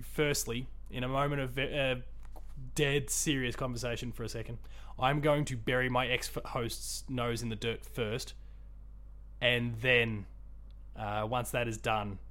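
A man's voice: mid-range voice, steady tone, a little slow, fairly bright tone. A man hosting a casual gaming podcast, talking in a rambling, chatty way with frequent restarts. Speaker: podcast host.

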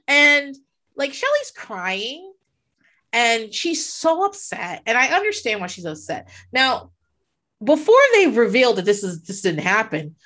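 Middle-aged woman co-host, animated storyteller, lively pitch, casual and profane. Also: unhurried. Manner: animated storyteller, swears freely. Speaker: podcast co-host. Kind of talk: casual chat.

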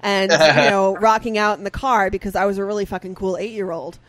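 A woman's voice: medium pitch, fairly quick, a loud crowd. A woman co-hosting a podcast, chatting casually with plenty of fillers and the odd swear. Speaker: podcast co-host. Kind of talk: casual chat.

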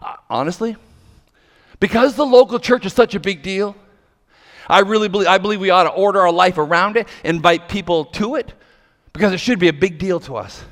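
A male pastor preaching a sermon, telling a lively story and acting out the voices of the people in it. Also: sits high, brisk. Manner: animated, acts out quoted voices. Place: large church hall. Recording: long hall reverb.

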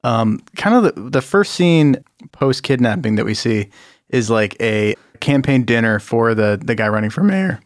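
A man co-hosting a podcast in casual chat, laughing often and tossing in quick asides. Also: mid-range voice, expressive, dry recording, studio quality. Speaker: podcast co-host.

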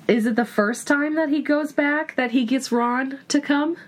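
A woman's voice: sits high, moderate pace. A woman co-hosting a podcast in casual chat, reacting playfully and laughing along. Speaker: podcast co-host. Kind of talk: casual book recap chat.

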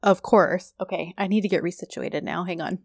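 A woman's voice: lowish voice, fairly even intonation, fairly quick, gravelly, darkish tone, husky, dry recording. Woman podcast cohost just chatting, rambly, lots of ums, dead dry mic. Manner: rambling and chatty, with frequent fillers. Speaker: podcast co-host. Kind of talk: casual chat.

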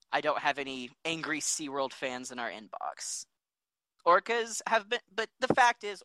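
A man with a bright, forward voice co-hosts a podcast. He explains things earnestly in a casual chat, and the recording is dry and close. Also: a little high, clean tone, dry recording, rough recording. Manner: earnest, explanatory, talks through facts. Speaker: podcast co-host.

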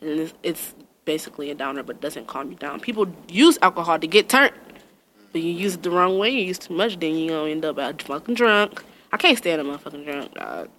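A young woman, telling funny stories in a loose, profane, animated way and laughing often. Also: deep voice, fairly quick, a little hiss or hum. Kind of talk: casual storytelling chat.

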